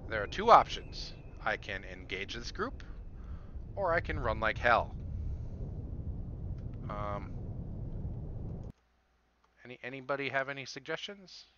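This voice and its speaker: A man's voice: mid-range voice, sing-song, measured pace, pauses often, dull audio, background noise. A man streaming a game, eagerly commenting, asking viewers for input, and calling out naval orders. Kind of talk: live gameplay commentary. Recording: game sounds loud behind the voice.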